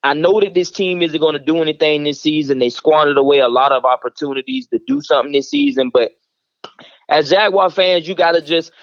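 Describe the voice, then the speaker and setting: Brief: lively, passionate male football fan correspondent, dull lo-fi line. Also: fairly high pitch, fairly quick, no echo. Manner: excitable, passionate fan talk. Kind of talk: casual sports talk.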